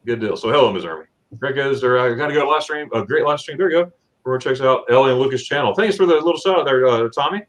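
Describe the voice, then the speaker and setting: A man's voice: medium pitch, expressive, fast. A middle-aged man hosting a casual livestream, telling a long story with many fillers and repeated words. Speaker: host.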